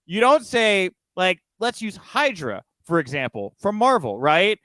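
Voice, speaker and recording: A man hosts a casual podcast, chatty and quick with asides. His voice is smooth and fairly high for a man. It sounds close and dry, with no room around it. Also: very animated, bright, forceful tone, dry recording. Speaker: podcast host. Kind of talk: casual chat.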